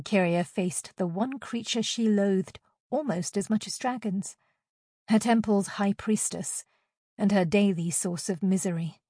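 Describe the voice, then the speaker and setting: A woman reading a fantasy novel aloud as an audiobook narrator, in a steady, expressive reading. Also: mid-range voice, no echo, clean studio sound.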